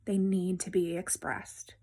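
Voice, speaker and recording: Soft-spoken woman giving gentle encouragement. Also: fairly low pitch, level tone, a little slow. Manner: gentle, reassuring, speaks directly to viewers. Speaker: vlogger. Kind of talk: heartfelt personal vlog talk.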